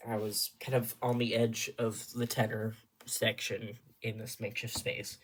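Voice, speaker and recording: A young man chatting in a casual vlog, telling a long, rambling story with animated asides and sudden dips into whispering. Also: medium pitch, slightly rough. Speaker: vlogger.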